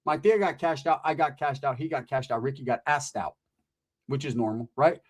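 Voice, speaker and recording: A man telling a comedic story in an animated, profane, slangy way. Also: mid-range voice, moderate pace, slightly rough.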